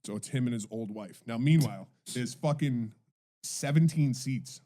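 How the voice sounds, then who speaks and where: A man's voice: medium pitch, moderate pace, dark tone. A man co-hosting a podcast, telling a profane story in a laid-back way. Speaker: podcast co-host. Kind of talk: casual chat.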